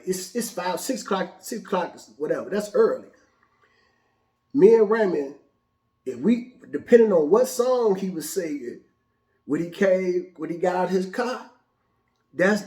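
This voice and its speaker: A male host telling a personal story in an animated, casual, profane way, with frequent restarts. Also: fairly high pitch, echoey room. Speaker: show host.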